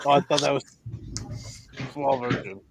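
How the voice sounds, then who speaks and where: A man's voice: medium pitch, moderate pace, creaky. A man telling laid-back stories in a casual chat with friends. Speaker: panelist.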